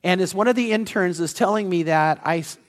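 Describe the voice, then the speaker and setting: A man's voice: high-pitched, a little fast. A pastor delivering a sermon, telling a personal story earnestly and pressing his points with emphatic repetition. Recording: long reverb of a large hall.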